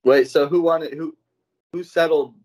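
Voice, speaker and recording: A man's voice: on the high side, fairly even intonation, unhurried, a little mellow, poor audio. Blunt young man in casual podcast chat. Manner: blunt, swearing, asks questions. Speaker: podcast co-host.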